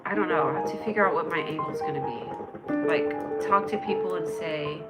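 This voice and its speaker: A woman's voice: low-pitched, normal speed, highs cut off, over loud music. A woman hosting a casual livestream, chatting in a bubbly, rambling way and answering her viewers by name. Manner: bubbly, rambling, reads chat comments aloud and answers viewers. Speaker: livestream host.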